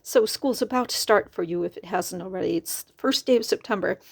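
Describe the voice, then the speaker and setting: A woman's voice: mid-range voice, a little fast, vocal fry. A middle-aged woman reading a picture book aloud to children, stopping for chatty asides to explain new words.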